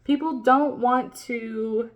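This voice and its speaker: A woman's voice: a little high, steady tone, slow, highs cut off, a little hiss or hum. Casual swearing woman reading tarot. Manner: swears freely, reassuring, rambling. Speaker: tarot reader.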